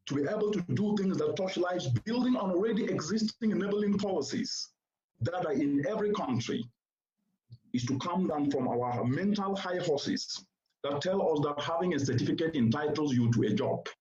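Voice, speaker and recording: A man delivers a formal keynote to a seated audience at a conference venue, speaking oratorically and emphatically and repeating points for stress. His voice is a little high and a little mellow, and the recording sounds roomy and slightly dull.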